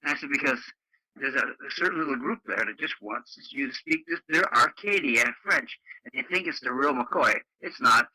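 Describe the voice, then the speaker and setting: A man's voice: medium pitch, lively intonation, moderate pace, bright, forceful tone, husky, no room sound, low-quality recording. An older man from Canada chatting bluntly on a radio net, laughing often and using lots of fillers. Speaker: radio club member. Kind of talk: casual radio chat. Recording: dry radio audio.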